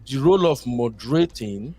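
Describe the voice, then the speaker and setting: A man's voice: medium pitch, animated, normal speed, dark tone. A Nigerian man calling in to a talk show, chatting casually and rambling, slipping into Pidgin. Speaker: caller. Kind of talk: casual call-in chat.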